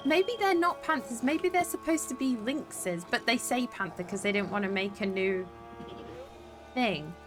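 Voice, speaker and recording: A woman's voice: fairly high pitch, animated, measured pace, over music. A woman streaming a video game, chatting in a playful, sweary way as she plays. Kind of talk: casual gameplay commentary.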